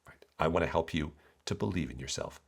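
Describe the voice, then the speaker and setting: A man hosting his own podcast, explaining ideas in an enthusiastic, animated solo monologue. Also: rumbling low, a little fast, vocal fry, husky. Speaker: podcast host.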